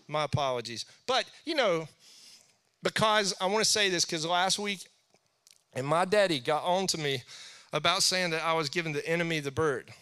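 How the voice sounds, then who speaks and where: Bright, smooth-voiced chatty preacher man. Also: on the high side, moderate pace. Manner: chatty, rambling, jokey with acted asides. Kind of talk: casual sermon.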